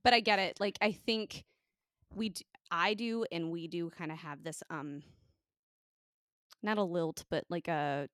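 A young American woman with a light Minnesotan accent, chatting casually as a podcast co-host with a nasal, vocal-fry tone and lots of asides. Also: on the low side, unhurried, fairly bright tone, no room sound, studio quality. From United States. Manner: chatty, giggly, full of asides. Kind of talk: casual chat.

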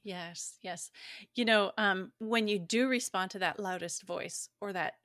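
A woman co-hosting a podcast, explaining things in a calm, thoughtful way. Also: mid-range voice, unhurried, no echo, clean studio sound. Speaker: podcast co-host. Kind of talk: casual chat.

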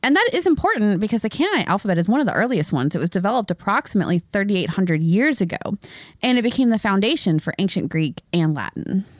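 A woman in her forties co-hosting a podcast, chatty and quick to laugh. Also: mid-range voice, big pitch swings, dry recording, studio quality. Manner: chatty, laughs a lot, filler-heavy. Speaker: podcast co-host. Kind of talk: casual chat.

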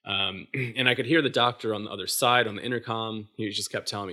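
A man in his thirties, a podcast guest telling a personal story casually, halting with many fillers and restarts. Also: fairly low pitch, pushed and bright.

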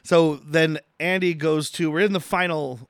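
A man's voice: fairly high pitch, steady tone, normal speed, clear, resonant tone, no echo, studio quality. A man co-hosting a podcast, casually recapping a movie, laughing often and acting out quotes in silly voices. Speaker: podcast co-host.

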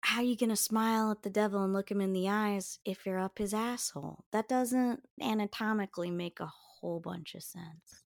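A woman's voice: medium pitch, normal speed, gravelly, hardly any pauses, no echo, clean studio sound. A woman co-hosting a podcast in casual chat, wry and amused as she lays out her theories. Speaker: podcast co-host.

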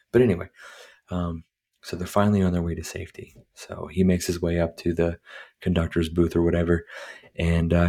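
Low, mellow rambling podcast host. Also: male voice. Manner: rambling and profane, with many fillers and restarts. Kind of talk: casual solo podcast movie review. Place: home recording with his dog nearby.

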